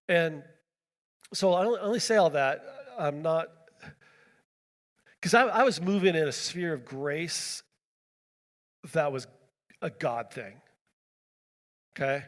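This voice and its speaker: A man's voice: on the high side, measured pace, pauses often. Chatty man preaching in an echoing hall. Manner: chatty, animated storytelling with many fillers and acted-out quotes. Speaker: pastor. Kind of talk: storytelling sermon.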